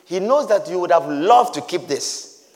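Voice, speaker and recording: Male preacher, emphatic and repetitive delivery, swooping lively pitch. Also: unhurried. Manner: emphatic, repetitive, rising to shouts. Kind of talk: sermon. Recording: reverberant hall.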